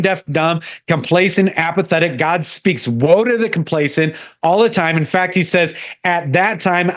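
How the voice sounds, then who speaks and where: A man speaking as a podcast guest in a fervent, preaching style, quoting scripture often. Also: on the high side.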